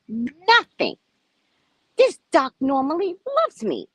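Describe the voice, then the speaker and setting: Lively, chatty woman vlogger. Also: high-pitched, slow, pauses often, husky, dry recording, low-quality recording. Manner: chatty, animated, frank and a bit profane. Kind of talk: casual storytelling vlog. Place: at a resort.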